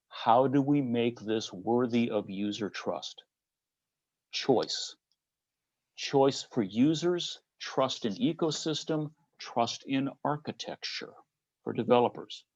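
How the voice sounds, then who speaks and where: A man's voice: mid-range voice, a little mellow, muffled recording. A man with a Midwestern American accent giving a conference keynote, posing rhetorical questions to the audience. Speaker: conference speaker.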